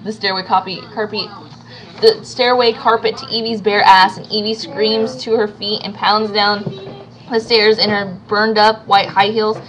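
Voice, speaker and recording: A woman's voice: mid-range voice, level tone, moderate pace, fairly bright tone, soft background music, rough recording. A woman reading a novel aloud as an amateur reader, stumbling over words and restarting now and then.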